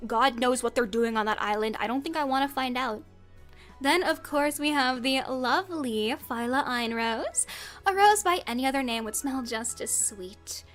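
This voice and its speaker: A woman's voice: high voice, normal speed, fairly bright tone, faint music behind. A woman performing a mock-dramatic comedy skit as a streamer, theatrical and giggly. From United States.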